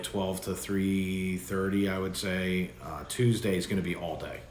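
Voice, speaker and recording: A man hosting a livestream, chatting casually and rambling with loose restarts. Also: deep voice. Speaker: livestream host. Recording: echoey room with faint background noise.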